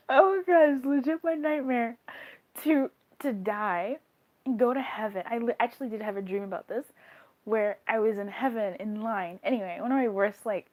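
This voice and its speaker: A young woman reading tarot on a live stream, chatting with viewers in an animated way, laughing often and swearing casually. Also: medium pitch, normal speed. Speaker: tarot card reader.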